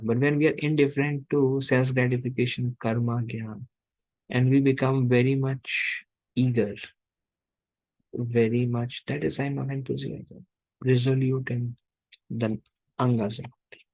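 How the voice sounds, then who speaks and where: Gravelly-voiced man teaching a scripture class. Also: mid-range voice, a little mellow, dry recording, rough recording. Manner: rhetorical, acts out inner voices.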